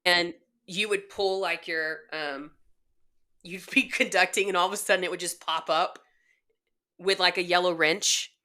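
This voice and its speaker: A woman's voice: on the low side, steady tone, measured pace, sharp tone. A woman, a band director guest on a podcast, telling self-deprecating stories in a chatty way. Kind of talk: casual storytelling.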